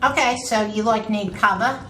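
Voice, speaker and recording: A woman's voice: medium pitch, moderate pace, fairly bright tone, recorded from a distance. A woman playing a tabletop game, talking in a casual, playful way, with a roomy echo. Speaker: player. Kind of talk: tabletop role-play. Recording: roomy echo, from off the mic, faint noise.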